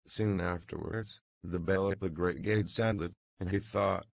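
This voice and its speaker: A man reading an audiobook as narrator in a measured, deliberate way. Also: low voice, steady tone, vocal fry, no room sound. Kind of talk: scripted narration.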